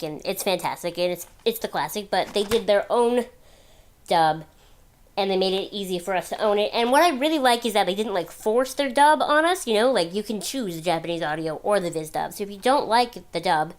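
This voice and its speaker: A woman's voice: mid-range voice, brisk. A woman talking casually in an opinion vlog, chatty and gushing, with lots of fillers. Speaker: video blogger.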